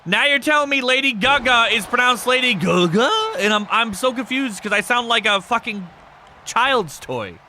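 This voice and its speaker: A man hosting a livestream, chatting casually with viewers. He jokes, swears often and breaks into sudden shouts. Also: very high-pitched, fairly quick, few pauses, slight background noise. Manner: excitable, joking, swears a lot, bursts into shouts. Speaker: streamer host of a wrestling show.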